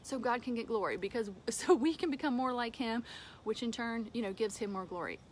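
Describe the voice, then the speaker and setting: A woman giving an informal devotional talk from home, conversational, with fillers and soft laughs. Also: a little high, a little fast. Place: home with a dog nearby.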